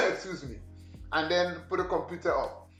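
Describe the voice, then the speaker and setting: A man's voice: a little high, normal speed, a bit bright. Chatty man in an echoey room. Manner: rambling, chatty, addresses viewers directly. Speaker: vlogger. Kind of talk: casual home tour vlog. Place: home room and kitchen. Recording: echoey room, faint music behind.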